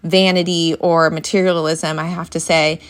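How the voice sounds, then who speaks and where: A woman's voice: deep voice, flat delivery, moderate pace. A woman, hosting a faith-based parenting podcast in an earnest, encouraging way. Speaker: podcast host.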